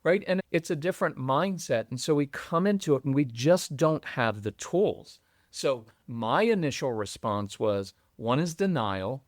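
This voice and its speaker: A middle-aged man guesting on a podcast about parenting, who talks in an animated, conversational way and acts out what other people say. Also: measured pace, no echo, clean studio sound. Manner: animated, acts out quoted voices with jumps in pitch. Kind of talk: conversational interview.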